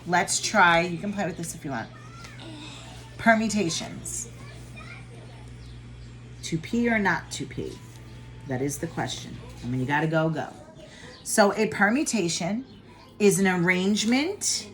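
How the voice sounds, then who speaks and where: A woman with a fairly low voice talks through a college statistics lesson recorded at home. Her delivery is chatty and informal, and she speaks straight to her viewers. Music plays clearly in the background. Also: expressive, unhurried, pauses often, fairly bright tone. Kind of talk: casual recorded math lesson.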